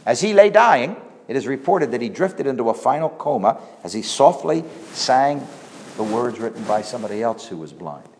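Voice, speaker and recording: A man preaching a sermon, his voice swelling on key points and then dropping low. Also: lively intonation, moderate pace, darkish tone, in a large hall, slight background noise. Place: church hall.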